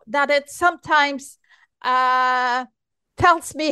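An older woman hosting an interview, speaking haltingly and searching for words with many pauses on a close microphone. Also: a little high, fairly bright tone, clean tone, no echo. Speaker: podcast host. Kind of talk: conversational interview.

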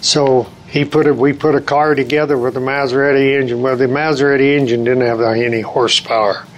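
A man's voice: medium pitch, fairly even intonation, brisk, slight background noise, low-quality recording. A man in his seventies, a retired racer telling long anecdotes in an interview, acting out old conversations and restarting his sentences often. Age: 70s. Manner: rambling anecdotes, acts out quoted dialogue, frequent restarts. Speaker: retired race car driver, interview guest.

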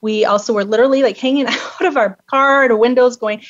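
A woman telling a personal story, animated and swinging her pitch up high when she mimics the people she met. The recording is dull and a little lo-fi. The sound is dry and close, with no room around her. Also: fairly quick, hardly any pauses, no room sound. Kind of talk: personal story told in conversation.

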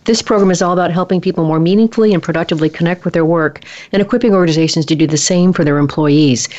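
A woman's voice: deep voice, darkish tone. A woman hosting a talk radio show about work, upbeat and chatty as she introduces her guest. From United States. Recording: muffled lo-fi broadcast audio.

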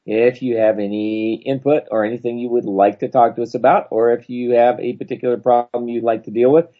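A man co-hosting a radio talk show, chatting in a dry, laid-back way with quick quips. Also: mid-range voice, fairly even intonation, narrow, tinny audio. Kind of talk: casual chat.

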